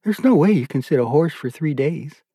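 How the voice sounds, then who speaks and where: A man's voice: on the high side, expressive, normal speed, slightly rough, dry recording, studio quality, voice pushed up. A man voicing a worried, blunt woman looking after her ailing husband, speaking up sharply. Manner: sharp, pleading, raised voice.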